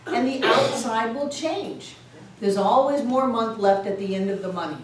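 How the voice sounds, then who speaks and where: Here a woman with a fairly high voice speaks at a moderate pace, teaching a spiritual class by telling lively stories, laughing frequently and doing voices. The lecture is captured in a very echoey space from a distant mic, with slight hiss.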